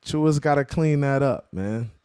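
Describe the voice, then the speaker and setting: A man's voice: medium pitch, unhurried, clear, resonant tone. A man in the middle of his voice range, hosting a post-game sports live stream. He talks in a loose, slangy way, greeting viewers and answering their chat messages with plenty of energy. The sound is dry, with no room echo. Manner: slangy, animated, calls viewers "bro" and "man".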